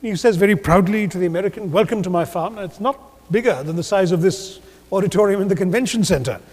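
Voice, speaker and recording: A man from India giving a measured, rhetorical conference speech with gentle humor in a large auditorium. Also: high voice. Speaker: keynote speaker. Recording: long hall reverb.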